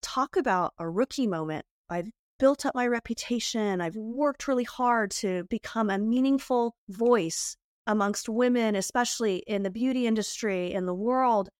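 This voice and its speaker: A middle-aged woman from the United States, a guest in an interview who candidly tells lively, animated stories and laughs often. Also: fairly high pitch, moderate pace, hardly any pauses, no echo, studio quality. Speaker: guest, beauty entrepreneur. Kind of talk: candid storytelling in a podcast interview.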